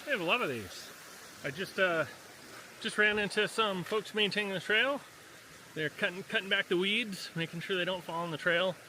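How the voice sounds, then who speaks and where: A man hiking outdoors on a forest trail, chatting casually to the camera as he walks, pausing often. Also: high voice, sharp tone, slight background noise. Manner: chatty, unhurried, pauses often. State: panting on uphill. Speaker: hiker vlogger.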